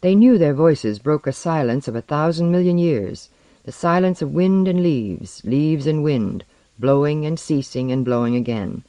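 An audiobook narrator giving a measured, lyrical reading of literary fiction. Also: medium pitch, lively intonation, warm tone, no echo. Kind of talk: scripted narration.

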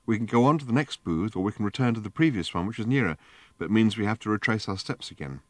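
A man's voice: lowish voice, animated, fast, no echo, voice pushed up. A man voicing an earnest, easily alarmed young woman in an audiobook, with a lightly raised, urgent voice.

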